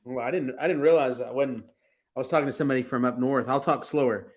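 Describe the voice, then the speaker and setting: Casual Texan brewer guy in his thirties, easygoing and joking, mid-pitched. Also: quick pace, slight background noise. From Texas. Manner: laid-back, joking, talks through fillers and restarts. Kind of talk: casual interview on a livestream.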